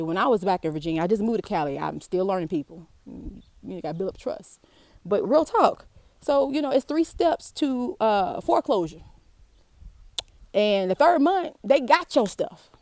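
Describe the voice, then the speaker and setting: A woman's voice: mid-range voice, a little mellow, no room sound. A woman from the South Side of Chicago with a Chicago accent, reading and commenting outdoors in a casual, slangy way, often exclaiming in disbelief. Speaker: personal finance vlogger. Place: outdoors in the heat.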